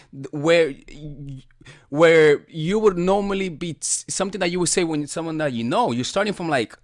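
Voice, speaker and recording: Man coaching in a loose, animated way. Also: a little high, no room sound, studio quality. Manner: loose and animated, frequent restarts and swearing. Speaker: dating coach. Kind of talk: casual spoken lesson.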